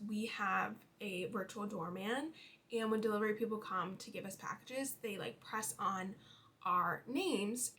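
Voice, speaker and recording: A woman's voice: on the high side, fairly bright tone, slight background noise. A woman in her twenties chatting casually about her life while doing her makeup, full of fillers. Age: 20s. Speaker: beauty vlogger.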